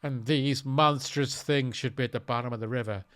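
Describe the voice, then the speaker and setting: A man talks through a film with dry, deadpan humour, mid-pitched and unhurried. His delivery is casual and conversational, peppered with quick jokes. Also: smooth. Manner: dry, jokey, slips into quick impressions. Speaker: podcast host. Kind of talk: casual film-review chat.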